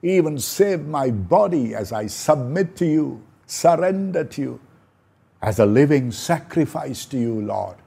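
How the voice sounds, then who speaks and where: A man preaching a slow, prayerful sermon, repeating phrases for emphasis. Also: medium pitch, expressive, gravelly, warm tone, slightly rough. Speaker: pastor.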